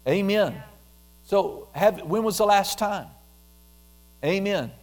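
A man preaching a conversational sermon, repeating phrases and dropping into a soft, quiet voice when he prays aloud. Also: high-pitched, animated, slow. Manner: conversational, repetitive, drops softly into prayer voice.

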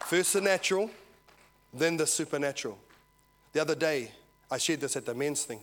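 A New man in his forties preaching and telling his testimony, his voice sitting a little higher than most men's. He moves from soft, close words spoken to one person to loud, excited storytelling. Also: normal speed. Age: 40s. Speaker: lay preacher. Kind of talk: prophetic ministry and testimony.

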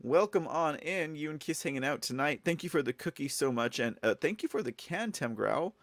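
Gravelly-voiced man hosting a live stream. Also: on the high side, lively intonation, fairly quick, no echo. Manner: rambling, casual, talks to viewers and thanks chat. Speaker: show host. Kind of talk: live-stream news commentary.

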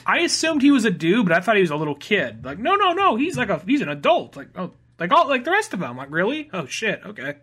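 Man, podcast co-host; bright, a touch high, loose rambling delivery with casual swearing. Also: huge pitch swings, fast, hardly any pauses, husky. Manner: rambling, many fillers and restarts, profane. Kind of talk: casual chat.

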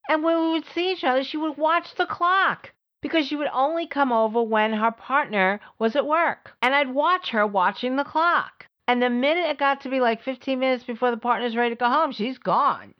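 A middle-aged woman hosting a podcast, telling a personal story in an emphatic way, repeating words for stress and swinging between high and low. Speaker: podcast host. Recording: slightly dull lo-fi audio.

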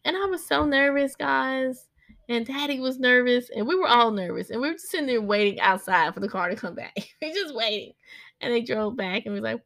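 A woman in her thirties talks in a casual, rambling way about her family, often breaking off to speak to her children. Her voice is bright with a slightly gravelly edge. The sound is dry and close. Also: a little high, lively intonation, brisk, dry recording. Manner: rambling and chatty, breaks off to direct her kids. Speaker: mother recording a podcast vlog. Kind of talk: casual personal chat.

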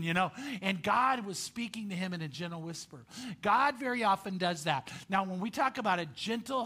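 A pastor from Southern California preaching a sermon in an animated, chatty way, asking the congregation questions. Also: male voice, sits high.

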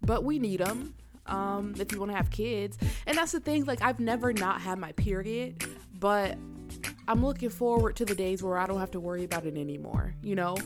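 A woman's voice: medium pitch, moderate pace, music in the background. A young woman hosting her own podcast, talking candidly and casually to her listeners, whom she calls y'all. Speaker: podcast host. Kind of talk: casual solo podcast monologue.

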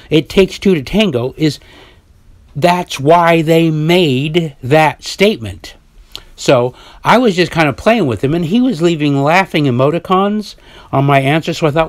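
A man hosting his own podcast, telling a story in a casual monologue and jumping in pitch when he quotes others. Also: dry recording. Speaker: podcast host.

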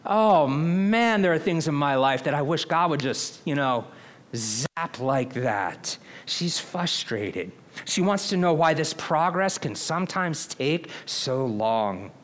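A pastor preaching a sermon in an earnest, conversational way, often asking the congregation questions. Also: male voice, fairly high pitch, lively intonation, slow.

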